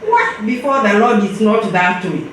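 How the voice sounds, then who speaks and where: A woman's voice: mid-range voice, expressive, a little slow, background noise. Impassioned older woman preaching, echoey. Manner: switches between English and Swahili, emphatic calls. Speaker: memorial speaker. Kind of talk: impassioned church exhortation. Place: church hall. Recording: echoey hall, far from the mic.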